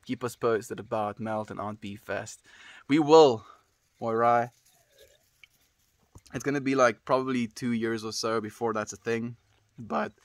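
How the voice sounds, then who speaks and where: A man's voice: mid-range voice, a bit bright, dry recording, studio quality. A man livestreaming from home, chatting casually with viewers and reading their messages, calling them dude and friend. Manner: laid-back, calls people dude and friend.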